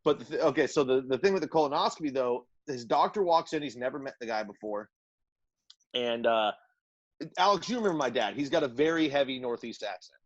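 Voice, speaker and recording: A man at a mid-range pitch telling a loose, rambling story on a podcast. He curses freely and leans on "like" as he goes. The mic sound is dry and close, with no room around it. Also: animated, fairly quick, no room sound, dull audio. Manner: rambling and profane, full of "like" fillers and laughs. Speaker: podcast co-host. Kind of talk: casual storytelling chat.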